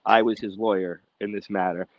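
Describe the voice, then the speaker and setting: A man co-hosting a casual podcast chat, telling animated, profane stories and acting out shouted quotes. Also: fairly low pitch, a little fast, dry recording, muffled recording. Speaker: podcast co-host.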